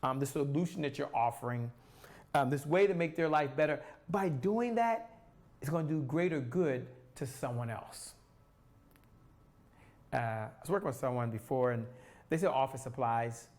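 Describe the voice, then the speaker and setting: A man coaching on sales in a live stream, energetic, asking and answering his own questions and repeating phrases for emphasis. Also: mid-range voice. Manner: pauses to sip water.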